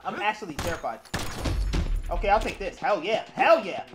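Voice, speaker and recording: A man's voice: sits high, sing-song, normal speed, background noise. A young man hosting a gaming video, giving hyped, slangy gameplay commentary and repeating catchphrases in bursts.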